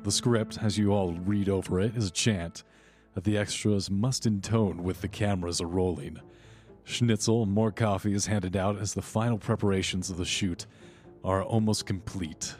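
Low-voiced man running a tabletop game. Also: fairly even intonation, moderate pace, darkish tone, soft background music. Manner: plays characters and narrates scenes. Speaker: game master.

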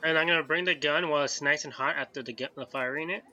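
A man's voice: a little high, fast, sharp tone, dull audio. A man playing a tabletop game, describing his actions in a casual, eager way. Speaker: player.

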